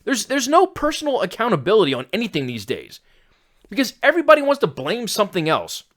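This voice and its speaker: A man's voice: high voice, wildly swooping pitch, fast talker, a bit bright. A man hosting a fitness podcast, giving a blunt, exasperated rant that includes some swearing. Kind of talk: ranting podcast monologue.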